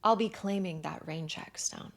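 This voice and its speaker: Woman voicing a smooth flirty college guy. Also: normal speed. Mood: hushed flirtatious. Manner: low, hushed, teasing. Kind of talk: audiobook character voice.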